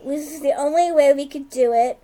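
High-voiced woman in rambling casual chat. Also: warm tone. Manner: rambling retelling, heavy use of "like", quick asides. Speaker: podcast co-host recapping a TV episode.

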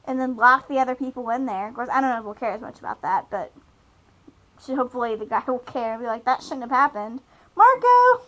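Young woman, high voice, rambling podcast chat, lots of fillers. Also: fairly even intonation, quick pace, fairly bright tone, poor audio. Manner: rambling, giggly, many fillers. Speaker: podcast co-host. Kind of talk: casual chat recapping a TV episode.

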